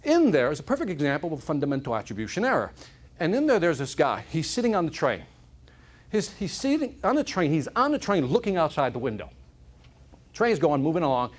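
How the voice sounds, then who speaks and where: An animated male speaker addressing a corporate audience, his voice swooping up and down as he tells stories. He sits a little high for a man and keeps asking the room questions. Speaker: motivational speaker. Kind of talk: keynote speech to a live audience. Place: corporate event hall.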